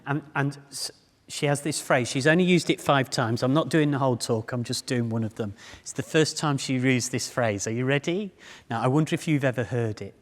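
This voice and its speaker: A man's voice: mid-range voice, brisk. A man in his fifties giving a public talk, telling humorous stories and speaking straight to the audience. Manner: humorous storytelling, addresses the audience directly. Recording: long reverb of a hall.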